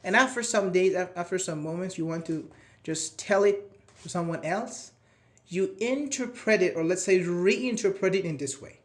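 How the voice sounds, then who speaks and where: A man's voice: high voice, normal speed. A male teacher, leading a live online class in a chatty, encouraging way, praising students by name and asking them questions. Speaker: English teacher.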